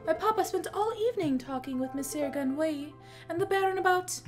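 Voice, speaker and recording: A woman voicing a young female cat, a pampered daughter, in a soft, wistful way. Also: extremely high pitch, fairly quick, music in the background. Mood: recounting.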